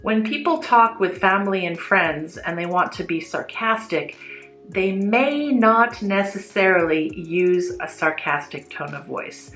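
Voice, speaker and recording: A woman teaching English in a clear, deliberate, scripted lesson style. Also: lowish voice, fairly bright tone. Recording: roomy echo, faint music behind.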